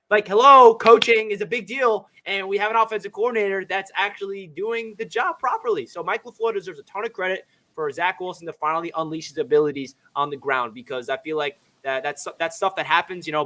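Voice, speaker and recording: A man hosting a casual sports chat, excitable and quick-talking. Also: high-pitched. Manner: excitable, talks fast. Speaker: podcast host.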